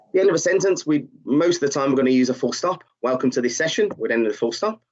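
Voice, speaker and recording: Expressive and fast, a medium-pitched male tutor leads a live web lesson, praising learners and voicing their chat replies amid frequent fillers. His sound comes across slightly muffled and dull.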